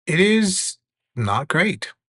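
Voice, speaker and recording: A man teaching a lesson about AI tools with a live demo, measured and earnest. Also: sits high, sing-song, fairly bright tone, slightly rough, no room sound. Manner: measured, earnest, some fillers.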